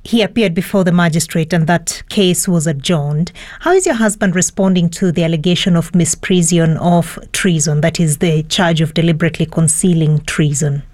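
A woman presenting live radio news and interviewing a guest, measured, clear and composed. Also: lowish voice, steady tone, a little mellow.

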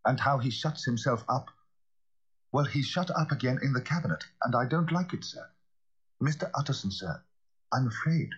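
A loyal old butler, frightened and deferential, his words halting, as a male narrator puts him on. The voice is pitched up and husky, with lively swings. It comes from a dull lo-fi recording. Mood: fearful.

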